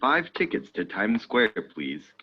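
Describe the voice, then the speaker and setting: A man's voice: mid-range voice, huge pitch swings, unhurried. A man playing a friendly traveler buying bus tickets for a group in a scripted lesson dialogue. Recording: dull lo-fi audio.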